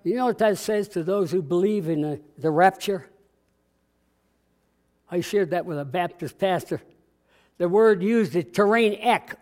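A man's voice: high voice, measured pace, long pauses, darkish tone. A man preaching a conversational sermon, acting out dialogue and drawing responses from the congregation. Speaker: pastor. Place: church sanctuary.

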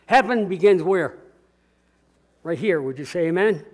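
Old guy pastor preaching, highish voice, earnest, gets the crowd to say it back. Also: animated, unhurried. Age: older. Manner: earnest, rising to call-and-response exhortation. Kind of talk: sermon.

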